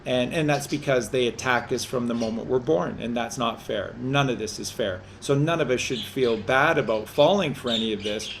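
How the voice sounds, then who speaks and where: A man's voice: mid-range voice, normal speed, creaky, hardly any pauses, a little hiss or hum. A man co-hosting a community call-in chat, rambling and often restarting and repeating his words. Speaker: co-host.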